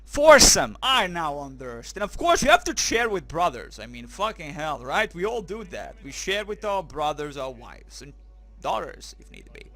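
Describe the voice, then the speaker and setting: A high-pitched man commentates a game with a swooping, lively delivery. His voice is bright and forward, and his humour is crude and excitable. He keeps throwing in German phrases. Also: moderate pace, no echo. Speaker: gaming commentator. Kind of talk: let's play commentary.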